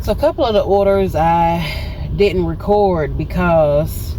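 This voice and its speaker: A relaxed, rambling delivery driver in their forties talks straight to the camera from a car at night. The mic sits back from them, and loud car and road noise fills the background. Their pitch is middle of the road. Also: a little slow, distant mic. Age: 40s. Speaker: food delivery driver vlogging. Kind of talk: casual chat to viewers.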